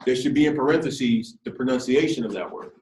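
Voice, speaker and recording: A man's voice: mid-range voice, brisk, darkish tone, a little hiss or hum. Male teacher heard from across an echoey classroom. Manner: conversational, questioning students often. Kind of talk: classroom lecture. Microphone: camera across the room. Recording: distant, echoey classroom sound.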